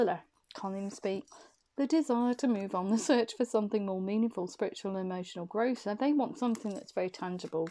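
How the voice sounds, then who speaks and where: A woman with a warm, mellow voice reads tarot cards for the viewer. She interprets each card loosely, thinking aloud as she goes, at a middling pitch for a woman. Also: slight background noise. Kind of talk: intuitive tarot reading, addressing the viewer.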